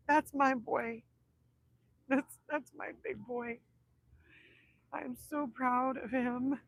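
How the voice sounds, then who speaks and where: A woman in her thirties with a high-pitched voice hosts a casual livestream chat with viewers, heartfelt and emotional, often sinking to a whisper. The audio is dry with no echo but poor in quality.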